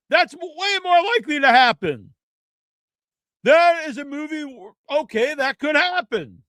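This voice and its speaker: A man's voice: extremely high pitch, pushed and bright, dry recording. A man hosting a podcast, ranting in a casual, rambling and profane way. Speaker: podcast host. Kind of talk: casual rant.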